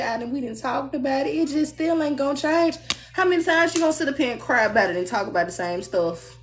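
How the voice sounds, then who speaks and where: A young woman giving a live tarot reading in a blunt, sassy, preachy way, mimicking people in a high voice. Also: fairly quick, faint music behind. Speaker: tarot reader.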